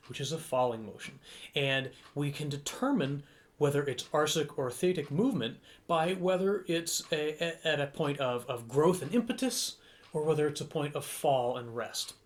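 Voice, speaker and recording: American man counting chant beats aloud. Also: fairly high pitch. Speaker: music director teaching chant. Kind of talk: explanatory lesson.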